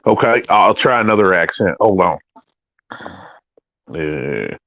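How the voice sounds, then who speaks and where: A man's voice: low-pitched, animated, takes it slowly, a bit bright, dry recording. A man co-hosting a casual livestream chat, swearing freely and mocking. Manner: profane, mocking. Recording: dry, muffled lo-fi audio.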